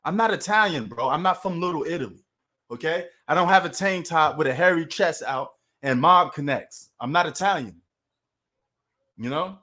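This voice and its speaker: A man's voice: a little high, expressive, normal speed, pushed and bright. A man with a Queens New York accent hosting a casual sports livestream, talking loosely and slangily to his chat.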